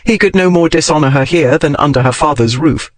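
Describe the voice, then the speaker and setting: A man narrating an audiobook with an even, measured reading. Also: a little high, no echo. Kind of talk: scripted narration.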